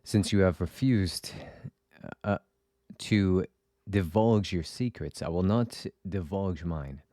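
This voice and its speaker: Guy reading out a polite guarded doctor dude, kinda deep and quiet, dead dry audio. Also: slow, no room sound. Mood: reserved. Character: calm, courteous male doctor, measured and guarded. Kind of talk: reading game dialogue aloud.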